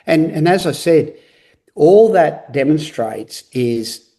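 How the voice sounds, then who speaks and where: A middle-aged man from Australia, a guest on a talk show, telling his story in an earnest, halting way with frequent restarts. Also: fairly high pitch, animated, warm tone. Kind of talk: candid interview talk.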